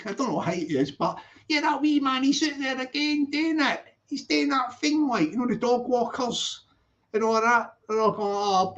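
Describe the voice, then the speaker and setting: A man's voice: very high-pitched, fairly bright tone. A man hosting a casual live stream, reading out viewer comments and rambling in a jokey, slangy way with lots of restarts. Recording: muffled lo-fi audio.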